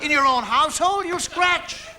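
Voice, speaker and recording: A man's voice: extremely high pitch, expressive, moderate pace, pushed and bright, a faint crowd. A man performing a stand-up comedy monologue on stage before an audience, talking conversationally and acting out gestures and sounds.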